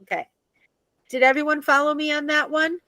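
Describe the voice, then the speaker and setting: A woman's voice: high voice, level tone, fairly quick, bright, forceful tone, no room sound. An American woman teaching a Hebrew reading class, patiently checking that her students follow. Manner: patient, checks understanding often.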